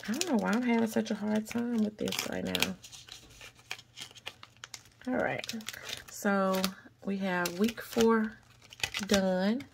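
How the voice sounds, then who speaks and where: Slow, gravelly woman. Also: mid-range voice, fairly even intonation, background noise. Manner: chatty, addresses viewers as y'all and guys. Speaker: budgeting vlogger. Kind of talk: casual cash-stuffing vlog, counting money aloud.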